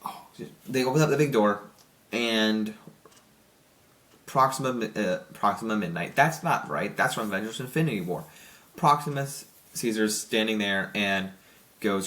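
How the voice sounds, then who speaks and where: A young man giving a casual, rambling spoken movie review, excited and full of restarts and fillers. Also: fairly low pitch, moderate pace. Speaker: film reviewer.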